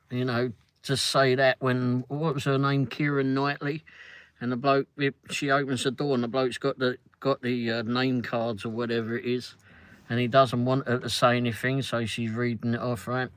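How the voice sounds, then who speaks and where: A man's voice: mid-range voice, fairly bright tone, smooth, no room sound. A middle-aged man from London with a London English accent, rambling and joking as he chats with viewers on a livestream. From London, England. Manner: chatty, rambling, jokey, answers chat comments. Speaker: livestream host. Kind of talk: casual livestream chat.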